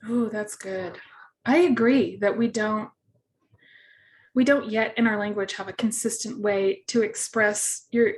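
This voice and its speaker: A woman hosting an interview, talking earnestly and telling personal stories with plenty of fillers. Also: mid-range voice. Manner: earnest, relatable storytelling with many fillers. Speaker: host. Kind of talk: conversational interview.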